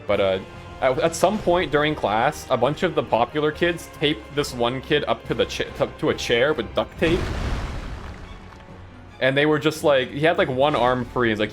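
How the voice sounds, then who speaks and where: A man's voice: mid-range voice, fairly quick, fairly bright tone, faint music behind. A man streaming a game and telling rambling school stories in a casual way, with a lot of "like" and frequent laughs. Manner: rambling, laughs often, lots of "like". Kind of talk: casual storytelling while gaming.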